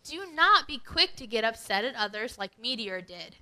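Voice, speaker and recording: A woman leading a children's worship lesson, speaking in an animated, sing-song way to kids. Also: a little high, moderate pace, low-quality recording.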